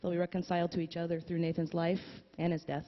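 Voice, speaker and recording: A woman speaking at a memorial, telling a story with pauses and fillers, then reading a poem aloud. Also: fairly low pitch, flat delivery, noisy background. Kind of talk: heartfelt eulogy and poem reading. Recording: dull audio with long hall reverb.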